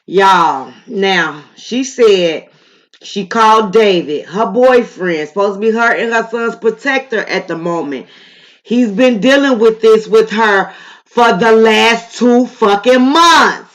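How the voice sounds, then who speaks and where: Woman, from Chicago, reaction host, blunt, profane, slow delivery. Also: fairly high pitch. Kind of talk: casual reaction commentary.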